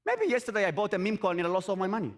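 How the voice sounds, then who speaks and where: A man gives an energetic motivational talk on an event stage, repeating his points and firing rhetorical questions at the audience. His voice sits high, and its pitch swoops in a lively way. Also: rapid-fire. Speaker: motivational speaker.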